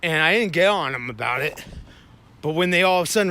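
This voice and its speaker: A man's voice: a little high, expressive, fast, pushed and bright. A man streaming in a heated, rambling, profane rant about his day. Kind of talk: ranting casual storytelling.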